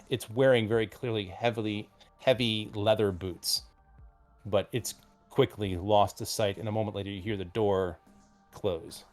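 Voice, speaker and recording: A man runs a tabletop game as game master, describing the scene at a slow, measured pace. His voice sits low, and he fills pauses with ums. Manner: unhurried, with many ums.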